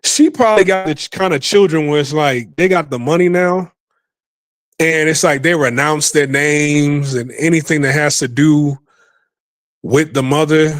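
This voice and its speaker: A man's voice: fairly high pitch, moderate pace, dry recording. A man hosting a podcast, giving rambling, profane casual commentary and repeating himself often. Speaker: podcast host.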